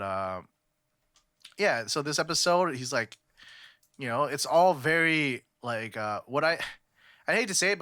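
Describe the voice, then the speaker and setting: A man's voice: medium pitch, bright, forceful tone, dry recording, clean studio sound. A young man from California chatting on a podcast, rambling with lots of fillers and restarts. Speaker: podcast co-host. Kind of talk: casual podcast chat.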